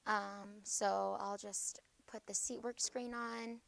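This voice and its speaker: A young woman teaching a school class, reviewing vocabulary briskly and checking in with "okay?" after nearly every point. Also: medium pitch, flat delivery, creaky, fairly bright tone. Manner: brisk, peppers talk with "okay?".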